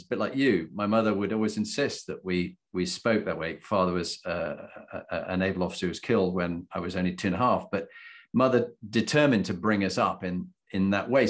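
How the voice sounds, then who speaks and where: A middle-aged man hosts an interview in a low voice. He talks conversationally and drifts into anecdotes and old folk sayings before he asks his questions. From Halifax, Yorkshire. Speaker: podcast host.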